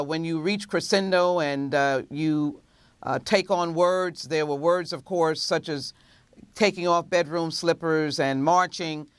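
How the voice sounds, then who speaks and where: A woman legislator gives a measured television interview answer, pausing often to gather her words. Her voice is recorded close and dry, with no room sound at all. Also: fairly low pitch, smooth, dry recording. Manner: measured, many filler pauses. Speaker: congresswoman.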